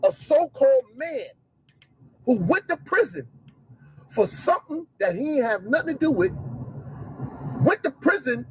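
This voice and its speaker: A man's voice: very high-pitched, sing-song, measured pace, long pauses, background noise. A middle-aged man giving an emphatic, repetitive, preachy commentary rant to his online audience from inside a car.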